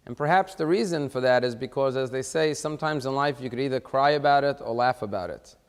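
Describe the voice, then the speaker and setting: A man's voice: mid-range voice, fast talker, clean tone, big-room sound. A man giving a sermon as a rabbi, telling a joke in a wry, conversational storytelling way before turning to a serious question.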